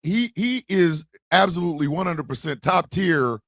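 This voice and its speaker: A man giving casual, slangy reaction commentary, stammering and breaking into loud outbursts. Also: a little high, expressive, normal speed, creaky, no room sound. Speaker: streamer and political commentator.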